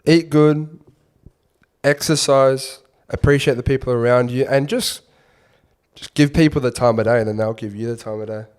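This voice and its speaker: A young Australian man co-hosting a podcast, relaxed and easygoing, telling stories in casual chat. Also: medium pitch, moderate pace, smooth. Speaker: podcast co-host.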